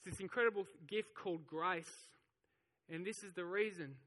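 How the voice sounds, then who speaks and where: A man's voice: high voice, normal speed, sharp tone, big-room sound. A man preaching a sermon, telling the story with animation and acting out the voices of the crowd. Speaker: pastor.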